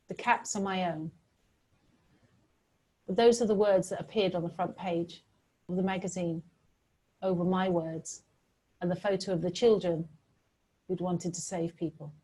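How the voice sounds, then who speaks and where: A middle-aged woman from Britain giving a talk with slides, telling stories in an earnest, animated way. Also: lowish voice, a little slow, long pauses, husky. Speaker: public speaker.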